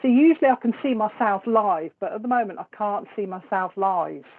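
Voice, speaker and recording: An animated woman with a mid-range voice and a brisk manner hosts a live stream as a psychic medium, chatting casually with viewers and laughing often between remarks. The audio sounds tinny, almost like a phone.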